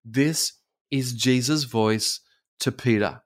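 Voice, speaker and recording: A man's voice: medium pitch, takes it slowly. Australian male pastor, sermon, mid-range voice, fervent and repetitive exhortation.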